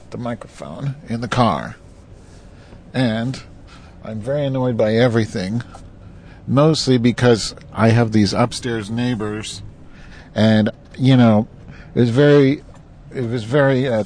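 Alone in his car, a man delivers a casual monologue into a clip-on mic attached to his phone, ranting in a profane, rambling way. His voice is lowish and a little mellow.

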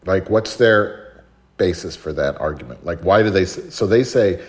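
A man chatting casually and telling a story in a sardonic, animated way, sometimes mimicking other voices. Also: low voice, moderate pace.

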